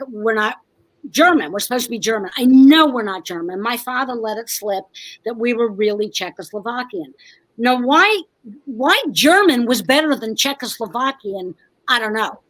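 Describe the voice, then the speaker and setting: A woman's voice: fairly high pitch, expressive, a bit bright, rough recording. A comedian and writer from New Jersey, a woman, telling wry family stories as an interview guest. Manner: wry storyteller, quick jokes. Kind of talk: casual interview chat.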